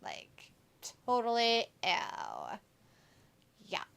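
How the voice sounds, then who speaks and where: A bubbly, airheaded young valley girl who drawls slowly and stuffs every sentence with filler words, as a woman puts her on. The voice sits fairly high and sounds bright and sharp. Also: wildly swooping pitch, creaky, full character voice. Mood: mocking, ditzy. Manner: drawling, peppered with "like" and "oh my God". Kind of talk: mocking impression during casual chat.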